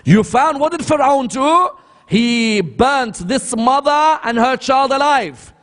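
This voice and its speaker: A man's voice: extremely high pitch, lively intonation, slow, fairly bright tone. A man giving a sermon lecture, telling a story and asking rhetorical questions that he then answers. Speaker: Islamic lecturer. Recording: long hall reverb.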